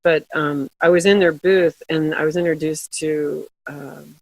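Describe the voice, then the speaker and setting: A middle-aged woman telling stories in a casual interview, chatty and quick to laugh. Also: low-pitched, steady tone, no echo, low-quality recording. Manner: chatty storytelling, laughs often. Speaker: guest, glassware company founder.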